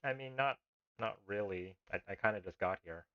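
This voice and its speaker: A man's voice: lowish voice, normal speed, no echo, muffled recording. A man reading a text adventure game aloud on a live stream, breaking off between passages to comment on the story with amusement. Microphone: desk mic on a live stream.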